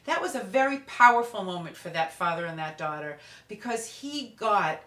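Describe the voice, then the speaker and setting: A woman parenting expert telling lively anecdotes about parents and teenagers in a storytelling talk. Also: mid-range voice, moderate pace. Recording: echoey room.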